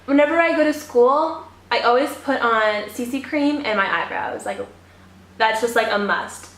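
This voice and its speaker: A woman's voice: on the high side, normal speed, a bit bright, roomy sound. A young woman from Canada chatting casually as she does her makeup for a get-ready-with-me vlog, telling stories with lots of "like". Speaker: beauty vlogger.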